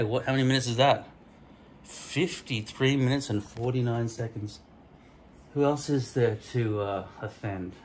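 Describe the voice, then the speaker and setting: In poor audio with a bit of hiss or hum, a medium-pitched man rambles to the camera of a phone stuck on his mirror at home. His solo vlog rant is profane, full of tangents and jokes meant to sound offensive.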